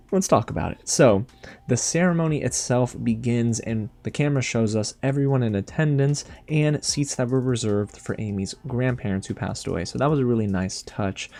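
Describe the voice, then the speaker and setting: A man hosting a casual recap and review, animated and sassy, talking straight to his viewers. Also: medium pitch. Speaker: TV show recap host.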